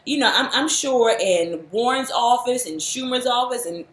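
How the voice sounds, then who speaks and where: A woman's voice: a little high, expressive, moderate pace. A woman speaking straight to the camera in a heartfelt, earnest way, holding back tears and at times scolding with fired-up intensity. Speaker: vlogger. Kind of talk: emotional direct-to-camera address. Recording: roomy echo.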